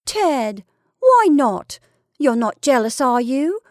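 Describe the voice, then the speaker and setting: A woman's voice: a little high, expressive, measured pace, no echo, clean studio sound, pitched above the performer's own voice. A woman voicing a playful young wife who teases and sings her lines. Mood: teasing. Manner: sing-song, bright and exclaiming.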